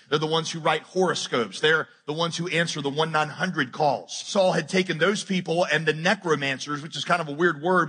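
A man preaching a sermon as pastor, animated and joking as he retells a scripture story. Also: on the high side, slightly rough. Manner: animated, jokey retelling with acted-out quotes.

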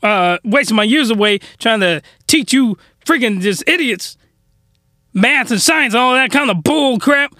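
A man's voice: very high-pitched, animated, a little slow, bright, forceful tone, dry recording, studio quality, pitched above the performer's own voice, heavily acted. A man putting on a young female teacher who insults her class in mocking, exaggerated slang. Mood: scolding.

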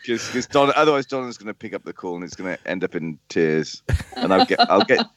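A man's voice: low-pitched, animated, brisk, a bit bright, no echo. A man co-hosting a podcast, joking cheekily and bawdily in casual banter. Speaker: podcast co-host.

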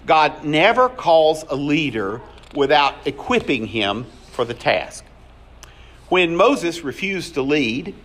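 Slow, animated male pastor preaching. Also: on the high side. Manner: storytelling, acts out scripture dialogue. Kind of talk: sermon.

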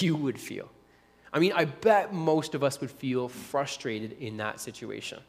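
A man's voice: fairly high pitch, big-room sound. A male pastor preaching a sermon conversationally, repeating phrases for emphasis.

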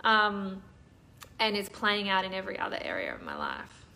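A woman's voice: mid-range voice, wildly swooping pitch, normal speed, creaky, sharp tone. A woman hosting a live online coaching session, talking enthusiastically and reading out viewer comments. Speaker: online course host. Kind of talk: live-stream coaching talk.

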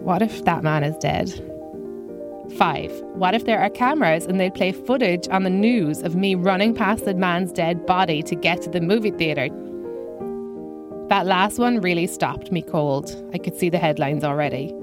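Deadpan woman telling a story over music. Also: fairly low pitch, normal speed. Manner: dry, self-mocking humor. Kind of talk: scripted personal story.

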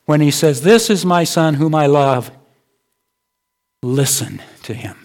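A man's voice: fairly high pitch, lively intonation, slow, a little mellow. A male pastor preaching a sermon in a conversational way, asking his listeners rhetorical questions.

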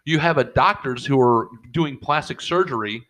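A man hosting a casual podcast, telling a story animatedly with lots of swearing and loud quoted voices. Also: normal speed, poor audio. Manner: animated, profane, jumps into high shouted quotes. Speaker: podcast host.

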